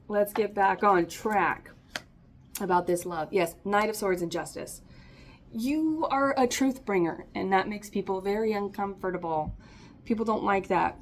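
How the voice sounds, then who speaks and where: A woman reads tarot cards aloud in a loose, conversational way. She is encouraging and chatty, with frequent laughter. Her voice sits at an ordinary middle pitch for a woman. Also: slight background noise. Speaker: tarot reader. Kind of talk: casual tarot reading to camera.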